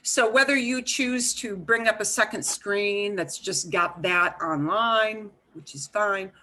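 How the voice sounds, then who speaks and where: Woman, unhurried language teacher on a video call, clear and bright tone, patient. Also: medium pitch. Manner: patient, explains slowly with repeats and fillers. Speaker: Spanish teacher. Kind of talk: online class instruction.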